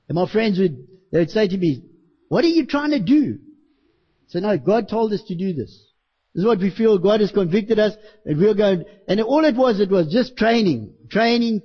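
High male preacher, impassioned sermon delivery with shouted peaks, muffled lo-fi church recording. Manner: impassioned, bursts into shouting when acting out street preaching.

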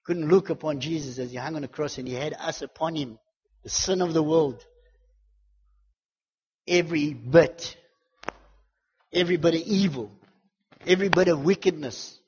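A man preaching a sermon with a fervent delivery, swinging from loud declarations to hushed intensity and building repeated lists and refrains. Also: fairly high pitch, normal speed, pauses often, breathy edge, in a large hall, muffled recording.

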